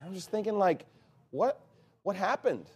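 A man preaching a sermon as a pastor, emphatic, with sudden loud outbursts and big swings in pitch. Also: very animated, unhurried, husky.

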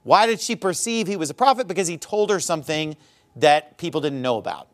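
A middle-aged man preaches a sermon in a high voice that leaps up and down as he goes. He reads old-fashioned scripture aloud and then unpacks it in plain talk with lively asides. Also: brisk. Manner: animated preaching, quoting scripture in old wording. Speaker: pastor.

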